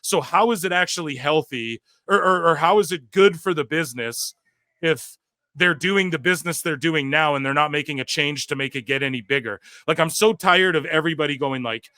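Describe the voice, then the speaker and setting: A man rants at length, exasperated and profane, leaning on filler words as he circles back to his point. His voice sits a bit high, and the recording is dry and close with no room sound. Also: brisk, bright, forceful tone, no room sound. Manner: exasperated, profane, repeats himself with many "like"s. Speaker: podcast co-host. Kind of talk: heated wrestling-commentary rant.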